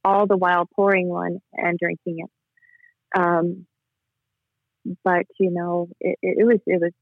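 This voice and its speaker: A man's voice: sits high, flat delivery, gravelly, no echo. Man on a tinny phone line. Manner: earnest, halting, emotional. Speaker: guest. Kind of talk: personal testimony.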